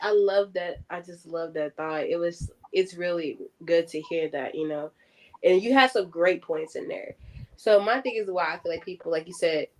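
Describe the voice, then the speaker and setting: A young woman hosting a casual faith podcast, lively and quick to laugh. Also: medium pitch. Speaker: podcast host.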